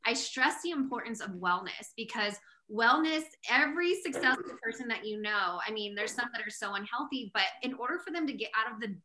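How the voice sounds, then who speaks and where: A woman hosts a podcast with a bright, somewhat high voice. She is talkative and outspoken, and she speaks with clear passion. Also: animated, brisk, hardly any pauses, slight background noise. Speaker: podcast host. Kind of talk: casual interview chat.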